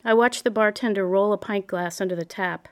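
A woman narrates a memoir in a measured, reflective storytelling manner. Her voice is smooth and resonant at a middle pitch. It sounds like a clean audiobook reading.

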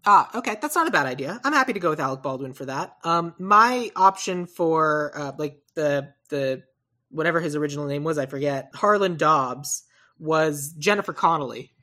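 A woman with a low voice and a bright, edged tone talks through her ideas in casual podcast chat. She rambles, corrects herself mid-sentence and drops into animated asides. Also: moderate pace. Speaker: podcast co-host. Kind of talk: casual chat about movie casting.

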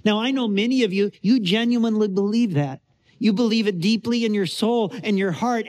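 A man's voice: high-pitched, a little fast, darkish tone. A middle-aged male pastor preaching a sermon with earnest storytelling that rises to emphatic points.

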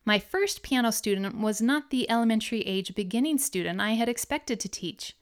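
A woman narrating her own memoir in an audiobook reading, with expressive storytelling. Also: a little high, moderate pace, clean tone.

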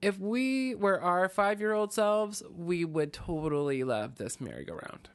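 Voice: mid-range voice, expressive, a little slow, clean tone, no echo. Podcast host rambling thru a story, lots of um and like, dry close mic. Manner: rambling, many fillers and restarts. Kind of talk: casual storytelling chat.

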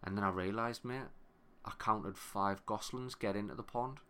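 Guy on a podcast, bright voice, swears a lot, rambling animated story. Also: fairly low pitch, normal speed, smooth. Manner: animated, sweary, breaks off and restarts mid-phrase. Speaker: podcast co-host. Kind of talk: casual storytelling chat.

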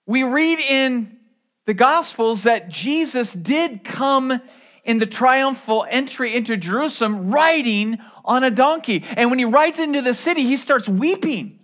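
Male pastor, higher-pitched voice, casual sermon with asides and restarts. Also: animated, unhurried, a bit bright. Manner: conversational preaching with asides and repeated restarts.

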